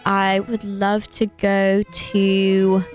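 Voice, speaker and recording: A woman's voice: mid-range voice, completely flat delivery, very slow, over loud music. A woman in her twenties, a podcast guest, chatting casually in a giggly, friendly, self-deprecating way. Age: 20s. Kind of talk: casual chat.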